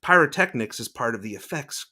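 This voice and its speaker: Male podcast host, casual rambling storyteller, middle pitch. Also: brisk. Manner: rambling storyteller, lively quoted voices. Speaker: podcast host, former celebrity news producer. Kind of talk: casual chat.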